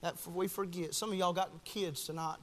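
Young preacher man, high bright voice, goes loud then quiet, big church reverb. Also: fairly even intonation, fairly quick, slight background noise. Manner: impassioned, swings from shouting to hushed. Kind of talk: fiery sermon. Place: church at a Wednesday night service.

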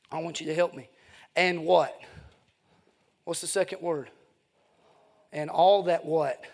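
A man's voice: on the high side, fairly even intonation, takes it slowly, vocal fry, pauses often, darkish tone. A man preaching an evening revival sermon as an evangelist in a church, fervent and emphatic, with folksy asides.

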